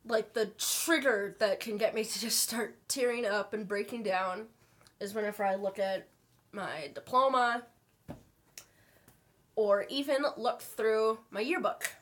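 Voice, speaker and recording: Slow, halting young woman near tears. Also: medium pitch, steady tone, fairly bright tone. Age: young adult. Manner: halting, slow, many pauses and fillers. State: holding back tears. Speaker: vlogger. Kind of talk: emotional personal story. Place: her bedroom.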